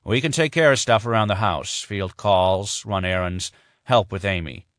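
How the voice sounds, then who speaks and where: A man voicing a proud, caring older father with a warm, firm way of speaking. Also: sits low, moderate pace, no echo, studio quality.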